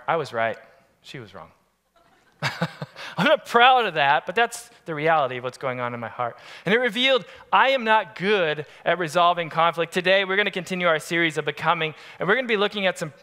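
A man's voice: a little high, pushed and bright. A man preaching a sermon as pastor, telling funny stories and joking with the congregation. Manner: humorous storytelling, playful asides to the congregation.

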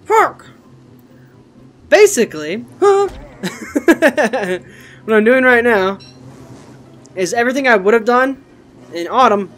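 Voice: mid-range voice, sing-song, slow, long pauses, fairly bright tone, a little hiss or hum. A gaming channel host giving casual let's-play commentary, goofy and rambling, swearing often.

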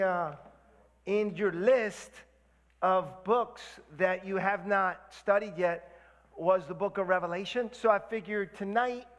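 A man's voice: high-pitched, long reverb tail. A man preaching a sermon as a guest pastor, fiery and rousing, talking straight to his congregation. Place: church sanctuary.

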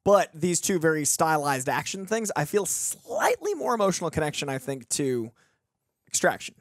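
A man's voice: a little high, sing-song, moderate pace, no echo, studio quality. A man co-hosting a movie reaction show, chatting casually and enthusiastically, with earnest asides. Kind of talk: casual chat.

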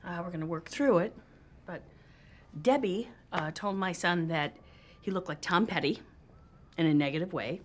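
An actress playing an indignant, combative mother who accuses and shouts in outrage. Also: moderate pace, long pauses, slight background noise, close to an everyday voice. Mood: aggrieved. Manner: indignant, accusing, shrill outbursts. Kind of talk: film comedy acting.

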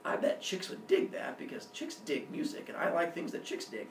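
A man voices a vain, boastful male sun god who blusters when crossed. His raised voice swings widely in pitch. The sound is roomy and distant. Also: wildly swooping pitch, moderate pace, noisy background. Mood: smug. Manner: blustering, indignant, easily impressed. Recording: roomy room, distant mic.

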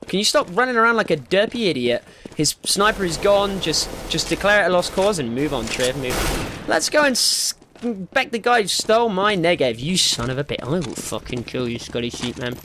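A young man commentating his own gameplay, excitable and sweary, often yelping into squeaky high notes. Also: normal speed, background noise. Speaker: gaming YouTuber. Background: game music and gunfire.

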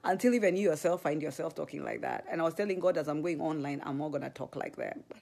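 A woman with a Kenyan accent, chatting on a live stream, very expressive and gasping as she tells stories. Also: low voice, quick pace, vocal fry. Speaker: ministry leader. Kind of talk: casual live-stream chat.

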